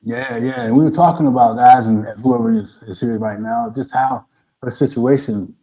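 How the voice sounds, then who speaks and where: A man's voice: mid-range voice, animated, moderate pace, vocal fry, mellow, muffled recording. A man hosting a live online talk show, speaking energetically and often checking in with the audience with "right?". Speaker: host.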